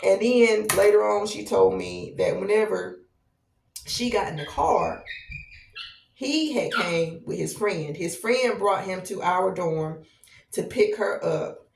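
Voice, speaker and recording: A woman in her thirties, a podcast host telling a long personal story in a casual, animated way, repeating herself as she goes. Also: mid-range voice, vocal fry, noisy background. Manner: animated, conversational, drawn-out repetitions. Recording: roomy echo, distant from mic.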